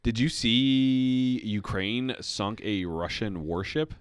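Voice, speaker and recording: Crude, low-voiced young man, dry room. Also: slow, clear, resonant tone. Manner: crude, profane, deadpan teasing. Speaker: podcast co-host. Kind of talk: crude casual chat.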